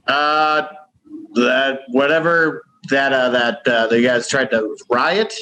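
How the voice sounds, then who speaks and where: A man doing a deadpan, halting correspondent bit in an improvised comedy segment, talking over a remote call. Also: mid-range voice, pitched below the performer's own voice.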